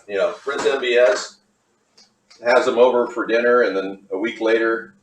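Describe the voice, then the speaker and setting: A man's voice: mid-range voice, fairly quick. A man from Hollywood, California, hosting a cooking livestream and rambling in conspiratorial asides to his chat. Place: home kitchen. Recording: echoey kitchen with faint clatter.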